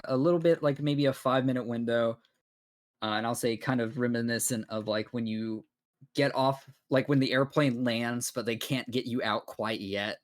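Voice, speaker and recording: A man narrating as game master in a halting, laid-back way with many pauses. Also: mid-range voice.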